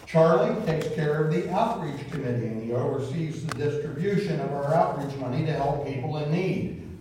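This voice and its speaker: Pastor, folksy and questioning, captured by a distant mic in a reverberant sanctuary. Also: male voice, on the high side, moderate pace, mellow, slight background noise. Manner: folksy, repeats words, asks the congregation questions. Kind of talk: sermon. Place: church sanctuary. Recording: very echoey room, distant from the mic.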